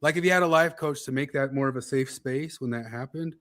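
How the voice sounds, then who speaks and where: A man's voice: mid-range voice, fairly quick, a bit bright, no room sound, clean studio sound. A man co-hosting a casual podcast chat, making wry, rambling asides. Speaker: podcast co-host.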